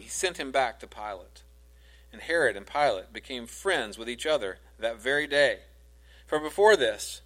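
A man's voice: on the high side, fairly bright tone, poor audio. A man praying and then reading scripture aloud as a preacher, earnest and emphatic.

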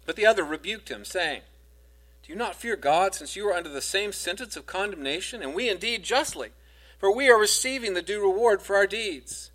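A man's voice: sits high, lively intonation, fairly quick, a bit bright, low-quality recording. A man praying and then reading scripture aloud as a preacher, earnest and emphatic.

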